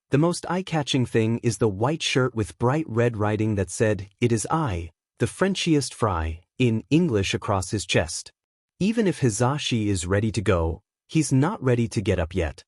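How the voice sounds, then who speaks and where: Male narrator, mid-pitched, dead-dry close recording, steady storybook read. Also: no echo. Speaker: fanfiction reader. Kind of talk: scripted narration.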